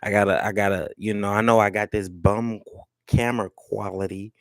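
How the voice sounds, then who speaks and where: A man's voice: fairly low pitch, steady tone, fairly quick, fairly bright tone, dry recording. A young man hosting his own live stream, talking loosely and joking with plenty of swearing. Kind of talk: casual livestream talk. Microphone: headphones with mic.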